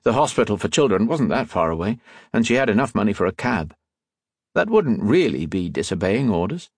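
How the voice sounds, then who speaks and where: Husky low-voiced male audiobook narrator. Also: no room sound. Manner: measured, expressive storytelling.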